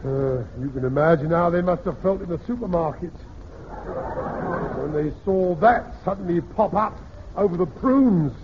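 A man's voice: high voice, normal speed, heavy background noise, close to an everyday voice. An actor playing a blustering, scheming older father in a radio sitcom, pompous and hammy in his delivery. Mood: conspiratorial. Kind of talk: vintage radio sitcom acting. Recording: dull lo-fi vintage radio recording.

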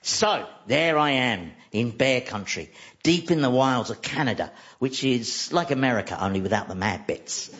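A man's voice: medium pitch, animated, moderate pace, a bit bright, muffled recording. A man giving a dry, self-mocking comic monologue. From central London. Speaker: comedian.

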